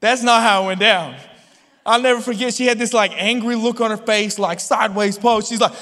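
A man's voice: sits high, fairly even intonation, a little fast, bright, forceful tone. A man preaching a sermon in a chatty, storytelling way, often asking the crowd if they follow him. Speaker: pastor. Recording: long hall reverb.

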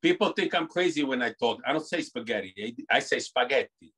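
A middle-aged man born in Italy, a bakery owner, talking in an animated, rambling way with many restarts on a video call. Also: a little high, fast talker, slightly rough. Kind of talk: casual interview over a video call.

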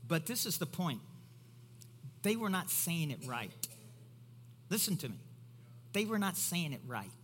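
A middle-aged pastor from Kentucky with a Kentucky accent preaching a sermon, swinging from quiet asides to loud, high exclamations. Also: male voice, big pitch swings, unhurried, pauses often, big-room sound, a little hiss or hum.

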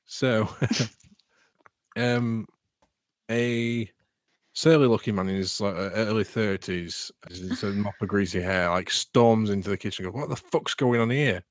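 A man's voice: lowish voice, steady tone, measured pace, no echo. A man, running a tabletop game as game master in a casual, joking way. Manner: casual, swears freely, laughs along.

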